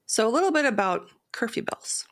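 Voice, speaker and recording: A woman co-hosting a podcast, reading a long poem and source quotes aloud in a measured storytelling cadence, then chatting casually. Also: fairly high pitch, very animated. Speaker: podcast co-host.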